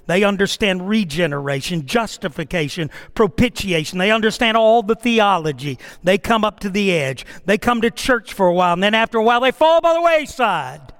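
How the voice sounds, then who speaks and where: Middle-aged male pastor, high voice, sermon delivery with dramatic rises and hushed drops, long church-hall reverb. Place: church sanctuary.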